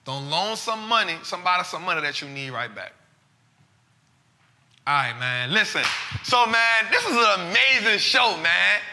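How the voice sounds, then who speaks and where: A man hosting a live finance talk show, animated and casual, full of slang and repeated phrases. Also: sits high, moderate pace, big-room sound, slight background noise.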